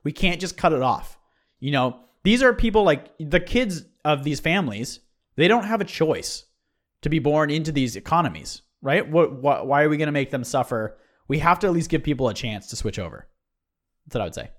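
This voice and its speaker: A man co-hosting a podcast in a relaxed, rambling way, thinking out loud. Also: fairly high pitch, a little fast. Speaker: podcast co-host. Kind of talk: casual podcast chat.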